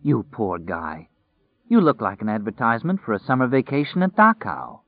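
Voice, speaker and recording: A man voicing a sly, menacing stranger who talks in a smooth, coaxing drawl, recorded with a tinny, phone-like sound. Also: mid-range voice, very animated, normal speed, no echo. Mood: coaxing, sinister. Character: sly, menacing man playing soothing and friendly.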